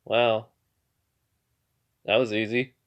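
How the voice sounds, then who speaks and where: A man's voice: fairly low pitch, little pitch movement, slow pace, smooth, highs cut off. A man voicing a cocky teenage boy hero who speaks bluntly and offhandedly, close to his own voice. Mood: offhand.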